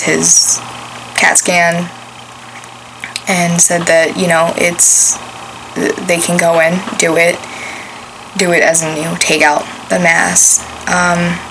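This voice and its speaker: A young adult woman telling a personal family story in a halting way, with many fillers, her voice rising and breaking at emotional moments. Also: on the low side, creaky. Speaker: storyteller recounting a family loss. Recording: noticeable background noise.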